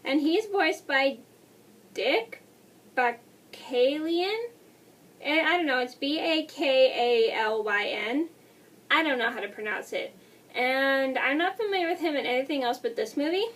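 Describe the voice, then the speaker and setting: Young woman in her twenties, high voice, quick rambling vlog talk, heard a bit off the mic. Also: animated, fairly bright tone, distant mic. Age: 20s. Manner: fast, rambling, apologetic. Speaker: vlogger. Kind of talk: casual movie review.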